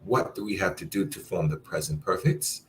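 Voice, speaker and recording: A man teaching a Spanish class, explaining grammar and repeating words slowly for learners to echo. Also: low voice, fairly bright tone, a little hiss or hum.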